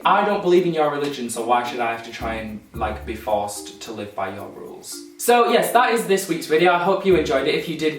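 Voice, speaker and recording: A man's voice: fairly high pitch, fairly bright tone. A young man telling stories in a casual vlog, chatty and laughing often, swearing freely. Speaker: vlogger. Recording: echoey room, mic at a distance.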